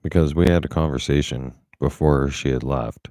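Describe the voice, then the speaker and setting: Middle-aged male vlogger, very low voice, dry close sound, swears freely while recounting. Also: normal speed, dark tone, no echo. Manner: blunt, profane, angry storytelling. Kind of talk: casual storytelling.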